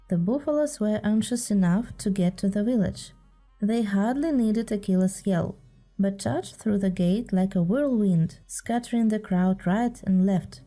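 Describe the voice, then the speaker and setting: Woman, storybook reader, very dark mellow voice, faint music behind. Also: medium pitch, measured pace. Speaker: audiobook reader. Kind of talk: storybook narration.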